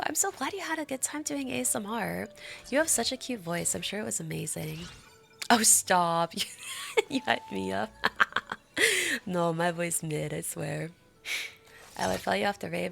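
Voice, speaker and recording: A young woman chatting to her live-stream viewers, bubbly and quick to giggle. Her voice has a slight gravelly fry to it. Her pitch swoops up and down as she gushes. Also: animated, fairly bright tone.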